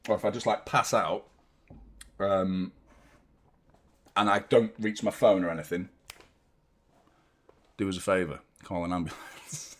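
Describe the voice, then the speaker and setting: Excitable football fan. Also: male voice, low-pitched, a little slow, long pauses. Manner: excitable, swearing, chanting along. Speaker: fan channel host. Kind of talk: live football watchalong commentary.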